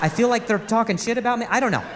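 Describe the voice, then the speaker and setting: A man's voice: very high-pitched, racing, long reverb tail. A man doing stand-up, telling an exasperated story on a comedy club stage. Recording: live club recording with audience noise.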